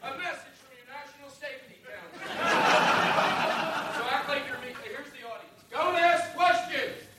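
A man's voice: very high voice, steady tone, normal speed. A man hosting a live comedy podcast, rambling and profane, laughing often on stage at a podcast festival. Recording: roomy live venue with noise.

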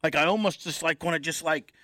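A man's voice: a little high, quick pace, sharp tone, no room sound, studio quality. A man in his fifties co-hosting a podcast, talking in casual chat, blunt, profane and self-deprecating. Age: 50s. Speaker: podcast co-host.

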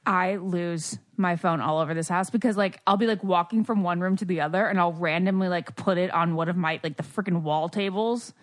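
A woman's voice: on the low side, fairly quick, hardly any pauses. A young adult woman hosting a podcast, chatting casually and rambling through stories. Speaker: podcast host. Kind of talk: casual chat.

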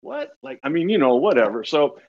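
A man in his sixties spins animated anecdotes in a slightly raised voice, laughing often and stumbling over his words as he restarts. The sound is dull and lo-fi. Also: on the high side, normal speed. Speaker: retired pitcher, guest. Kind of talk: storytelling in casual interview.

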